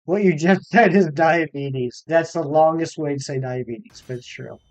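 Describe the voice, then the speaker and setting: A man livestreams a game, chatting casually, reading viewer comments aloud and poking fun at himself. His slightly high, somewhat mellow voice moves at a normal speed. The recording is dry with no room sound, and the highs are cut off.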